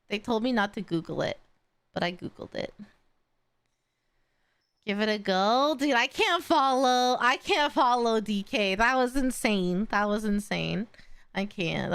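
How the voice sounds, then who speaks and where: A woman streamer chatting casually on a live stream, excitable and swearing freely. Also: medium pitch, clear, resonant tone, dry recording. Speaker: streamer reacting to a video.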